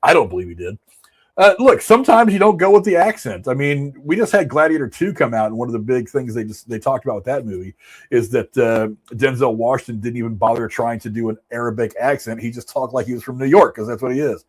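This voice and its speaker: A man's voice: mid-range voice, lively intonation, fast, husky. A man in his forties hosting a casual movie commentary show, rambling offhand and reacting to quotes he reads aloud. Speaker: show host.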